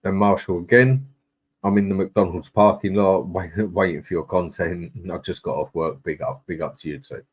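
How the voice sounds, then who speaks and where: Deep-voiced man hosting a live stream. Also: normal speed, husky, highs cut off. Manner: chatty, matey, greets viewers with "big up". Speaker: livestream host. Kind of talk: casual live chat, reading out viewer comments.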